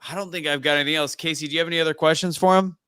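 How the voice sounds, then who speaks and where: Brief: man host, bright smooth voice, dry close sound, halting casual delivery. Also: fairly high pitch, steady tone, no room sound. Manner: hesitant, filler-heavy. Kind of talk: casual podcast talk.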